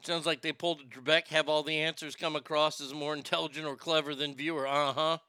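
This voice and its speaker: Male stream host, profane ranting chat; smooth, clear voice, dry close sound. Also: a little high, level tone, quick pace, bright, forceful tone, dry recording. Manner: ranting, profane, reads viewer comments aloud. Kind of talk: casual live stream chat.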